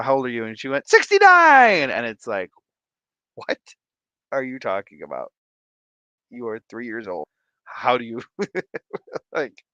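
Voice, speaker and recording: A man in his thirties chats casually with viewers on a live stream, bouncing all over in pitch while keeping a slow, unhurried pace. His voice is bright and a little tired, and the sound is dry and slightly muffled. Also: no echo. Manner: playful, sing-song, calls out viewer names. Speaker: livestream host.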